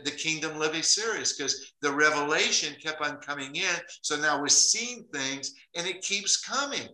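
A man's voice: on the high side, pushed and bright. A man teaching the Bible in a podcast conversation, emphatic, reading verses aloud and repeating them for stress. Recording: echoey room.

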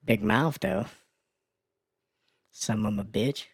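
A man voicing a brash, foul-mouthed woman who reads crude news and weather on a comedy radio show, ranting with a gravelly sass. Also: fairly low pitch, sing-song, slow pace, dry recording, clean studio sound, exaggerated voice. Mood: sassy. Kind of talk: comedy radio character bit.

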